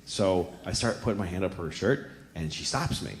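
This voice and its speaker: Animated male stand-up comic, echoey club. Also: moderate pace. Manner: crude, confessional storytelling with lively pitch swings. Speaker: stand-up comedian. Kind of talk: stand-up comedy set. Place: comedy club stage before a live audience. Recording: echoey live room with clear ambient noise.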